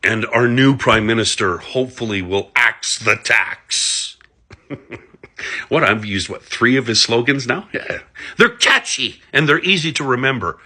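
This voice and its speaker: This Albertan political commentator unleashes a sarcastic political monologue full of heavy swearing and wide pitch movement. His voice is bright and forceful, with lively intonation, and he talks a little slowly.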